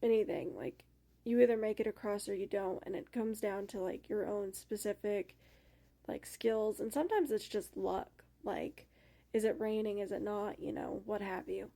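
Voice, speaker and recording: A woman's voice: medium pitch, normal speed, vocal fry, dark tone. A young woman chatting casually about a book for her book club, rambling with lots of fillers.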